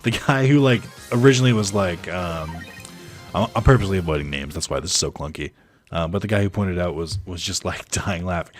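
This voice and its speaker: A man's voice: sits low, fairly quick, soft background music. A man telling a casual, rambling story over his gameplay as a YouTuber, full of fillers and chuckles. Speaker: gaming YouTuber.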